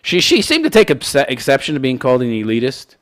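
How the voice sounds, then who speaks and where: A man's voice: mid-range voice, wildly swooping pitch, brisk, a bit bright. A man hosting a live online show, ranting in casual, sarcastic and profane commentary.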